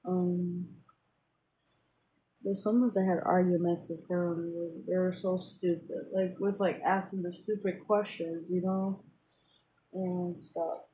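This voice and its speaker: A woman's voice: on the low side, level tone, takes it slowly, mellow, slight background noise, low-quality recording. Rambling young woman venting casually. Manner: rambling, with many fillers and restarts. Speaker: vlogger. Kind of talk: casual personal venting to camera.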